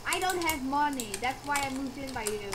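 A woman's voice: high voice, lively intonation, a little fast, background noise. A woman streaming a game, chatting in a playful, rambling way. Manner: playful, chatty, jumps between topics. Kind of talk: casual gaming chat. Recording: loud keyboard typing behind.

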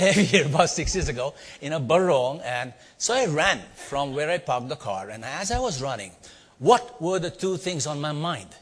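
His voice sits on the high side, a bit bright and slightly rough. This middle-aged Indian-accented speaker on leadership tells a story in a large, reverberant hall, engaging the live audience with playful questions and sound effects.

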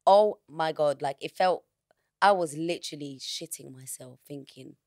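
A woman's voice: sits low, moderate pace, a little mellow, no echo, studio quality. A woman, a podcast guest telling a personal story candidly in frank, slangy words. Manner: frank, slangy, vivid retelling.

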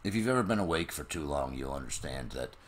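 A man's voice: a bass voice, animated, quick pace, slight background noise. A man co-hosting a casual book-discussion podcast, talking in a blunt, wry way. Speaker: podcast co-host.

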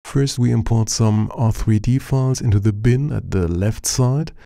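A man with a German accent presenting a software tutorial in a steady, explanatory way, narrating over a screen recording. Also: fairly low pitch, normal speed, vocal fry, no echo, clean studio sound.

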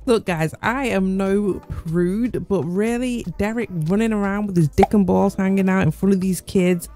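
A woman's voice: medium pitch, normal speed, dark tone. Brief: woman, gaming channel host, chatty and amused, faint music under her. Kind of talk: gameplay commentary.

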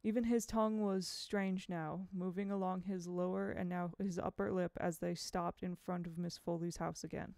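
A woman narrating an audiobook in a measured, expressive reading at a home microphone. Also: fairly low pitch, no echo.

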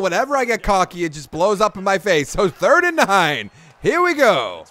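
Narrating a let's play of his football game run at a normal pace, this young gaming YouTuber has a voice pitched well above typical male range. Big plays make him loud and excitable, and in between he slips into grumbling.

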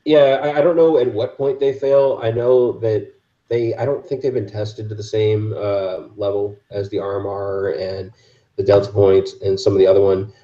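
A man's voice: fairly low pitch, steady tone, normal speed, dark tone, reverberant, highs cut off. A man talking casually on a podcast, explaining gear with lots of fillers and restarts. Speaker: podcast host. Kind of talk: casual chat.

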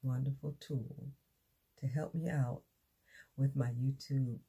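A chatty woman, talking slowly in a low, husky voice. Her tone is dark and mellow, and she halts often with fillers as she shows off her gifts on a phone camera. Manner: chatty, excitable, halting with fillers. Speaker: beauty vlogger. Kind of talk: casual unboxing vlog.

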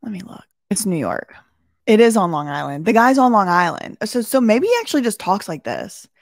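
A woman's voice: mid-range voice, big pitch swings, brisk, vocal fry, no room sound, clean studio sound. A woman giving casual, blunt and mocking reaction commentary, often laughing at what she watches.

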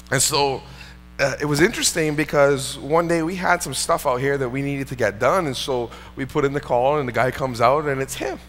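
Speaking at a medium pitch with a fairly bright tone, a male pastor relates a personal story during his sermon, earnest and conversational. The setting is a church sanctuary, and the hall lends the audio a long reverb.

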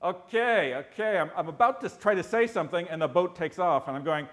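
Man from the US, comic stage storytelling, wry, animated, slightly high voice. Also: brisk. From United States. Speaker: ecologist telling a story on stage.

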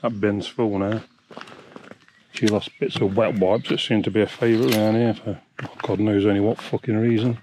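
Angry bloke ranting outdoors, lowish voice, bit of wind noise behind. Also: male voice, level tone, moderate pace. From England. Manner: furious, sweary ranting. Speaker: hiking vlogger. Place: outdoors on a hiking trail.

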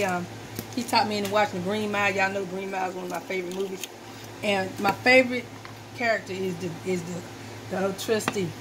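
A folksy, talkative cooking vlogger with a medium-pitched voice chats casually to viewers as she chops vegetables in her home kitchen. Background noise from loud knife chopping and kitchen clatter is present.

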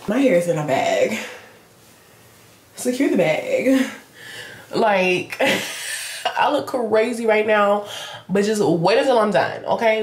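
A woman's voice: mid-range voice, animated, takes it slowly, pauses often, roomy sound. A young woman, chatting casually and playfully in a self-filmed vlog, swearing freely. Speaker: vlogger.

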